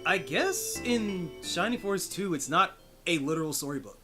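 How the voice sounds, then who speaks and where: A male streamer talks casually over a retro game, with a slightly high voice. He rambles and swears freely in his asides, and the game's music plays clearly behind him. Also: animated, moderate pace. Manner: rambling, profane, chatty asides. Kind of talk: casual gaming commentary.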